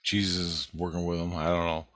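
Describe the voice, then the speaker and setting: A man's voice: low-pitched, little pitch movement, a little fast, fairly bright tone, dry recording. A man giving a rambling, profane spiritual video update in an agitated way. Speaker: vlogger.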